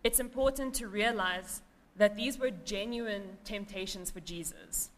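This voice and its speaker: Measured woman speaker in reverberant hall. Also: mid-range voice. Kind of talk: sermon.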